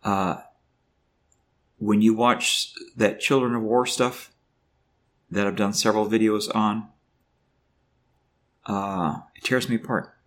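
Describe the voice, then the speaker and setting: An older man with a lowish voice speaks haltingly into the camera, stopping, restarting and filling gaps with ums. He sounds emotional throughout, like a personal video diary. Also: steady tone, a bit bright. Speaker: vlogger.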